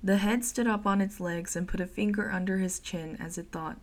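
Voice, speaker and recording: A woman narrating a first-person horror story in an expressive, dramatic way. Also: lowish voice, normal speed, few pauses.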